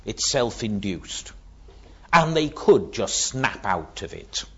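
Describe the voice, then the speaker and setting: A man preaching a sermon, dramatic, swinging from hushed words to loud ones. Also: lowish voice, sing-song, slow, breathy edge, lo-fi sound.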